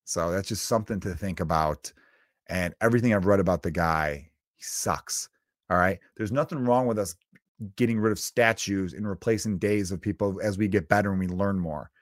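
A man's voice: low-pitched, brisk, no room sound, studio quality. Sarcastic swearing man ranting. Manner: sarcastic, mocking, swears constantly. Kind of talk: profane comedic rant.

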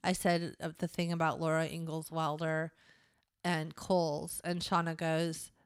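A woman's voice: deep voice, level tone, measured pace, smooth, dry recording. Woman in her forties, podcast co-host, casual chat, self-mocking, laughs a lot, dry close sound.

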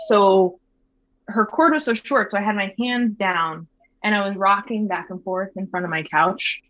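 A woman in her thirties telling her own birth story in a soft, reflective way, with lots of fillers and restarts. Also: medium pitch, normal speed. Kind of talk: casual personal storytelling. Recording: slightly dull, dry sound.

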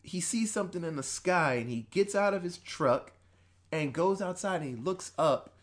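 On a podcast, a man with a high voice and lively intonation casually recaps a horror movie at a normal speed. He rambles and swears, quoting the characters along the way and laughing between points.

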